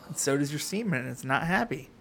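A man co-hosting a podcast, talking in crude, low-key banter. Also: lively intonation, moderate pace, creaky, fairly bright tone. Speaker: podcast co-host. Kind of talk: casual chat.

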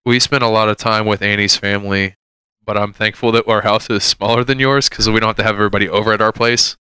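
A man's voice: fairly low pitch, fairly even intonation, fast talker, bright, forceful tone, clear, resonant tone, no room sound. A young man hosting a podcast in loose, rambling casual chat, swearing and laughing often. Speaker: podcast host.

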